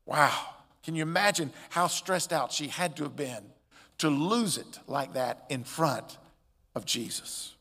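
A man preaching a sermon as pastor, expressive, with loud emphatic peaks and quiet drops. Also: a little high, unhurried. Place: church sanctuary. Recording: long church hall reverb.

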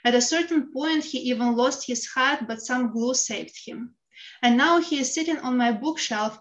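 A woman's voice: on the high side, fairly bright tone, poor audio. Ukrainian woman reading a wry essay. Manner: frank, wry, with blunt swearing. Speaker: writer reading her own piece. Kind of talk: reading a personal essay aloud.

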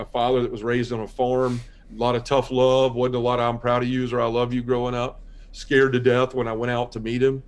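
As a podcast guest, a man with a mid-range voice gives a heartfelt personal testimony, telling his story earnestly and quietly.

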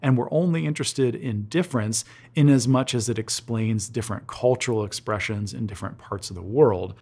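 A man's voice: medium pitch, brisk, a little mellow, breathy edge. A man giving an expert documentary interview with emphatic, lecturing delivery.

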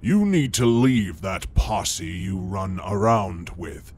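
A man voicing a huge, snarling male wolf-like beast that speaks in a deep, menacing voice, slow and full of contempt. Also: animated, darkish tone, husky, heavily acted. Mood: contemptuous. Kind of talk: storybook horror narration.

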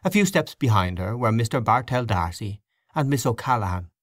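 A man reading a literary short story aloud as an audiobook narrator, in a measured, expressive way. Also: mid-range voice, no echo, studio quality.

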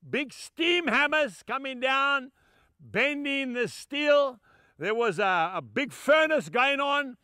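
A man's voice: very high-pitched, bright, forceful tone, clean tone, no echo, clean studio sound. An older man from Zimbabwe, preaching a sermon through emphatic, heartfelt storytelling.

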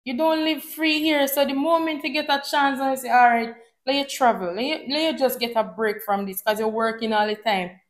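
A Jamaican woman telling a vacation story in a casual vlog, switching between patois and English with an animated delivery. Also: a little high, normal speed, roomy sound. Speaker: vlogger.

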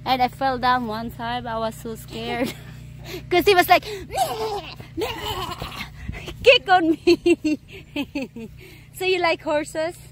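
A woman from the Philippines vlogging outdoors at a farm, excitable and giggly, cooing over animals in simple, non-native grammar. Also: sits high, drawn-out words. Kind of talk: casual vlog chat.

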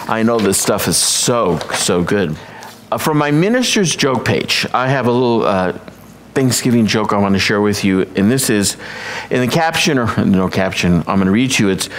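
Man, church speaker, sanctuary, middle-pitched voice, slow prayerful cadence, teasing corny jokes. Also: expressive, a little hiss or hum. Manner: playful, hamming up corny jokes. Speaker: church speaker leading the service. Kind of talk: prayer and sermon.

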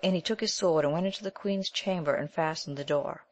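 A woman narrating an old chivalric romance as scripted audiobook narration, in a measured, even reading. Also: sits low, no echo.

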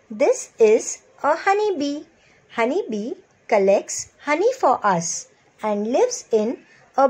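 A woman, teaching a recorded lesson to preschool children in a slow, sing-song way and asking them questions. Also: on the high side, breathy edge.

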